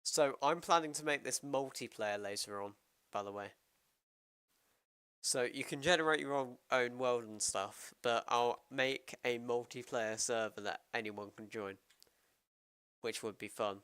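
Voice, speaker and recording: A man's voice: medium pitch, unhurried, a bit bright, smooth, no echo. A man with a British accent, casually explaining his code on a stream, rambling and interrupting himself as he thinks aloud. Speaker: programmer streamer. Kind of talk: casual coding livestream.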